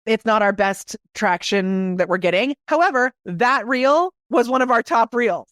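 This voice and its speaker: Guesting on a podcast, a woman who specializes in video marketing races through her stories with casual enthusiasm. Her fairly high, expressive voice comes through in a dry, studio-quality recording.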